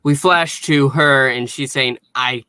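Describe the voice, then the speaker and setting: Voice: medium pitch, a little slow, a bit bright, no echo. A co-host summarizing a TV episode's plot in casual chat, with dry asides. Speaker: podcast co-host.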